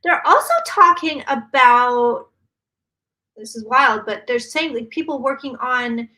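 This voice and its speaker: A woman psychic channeling predictions live, talking fast and emphatically with many restarts. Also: on the high side, bright, forceful tone.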